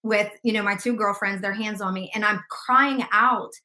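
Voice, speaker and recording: A woman guest sharing a faith testimony in casual conversation, an animated storyteller who laughs often. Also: medium pitch, normal speed, reverberant.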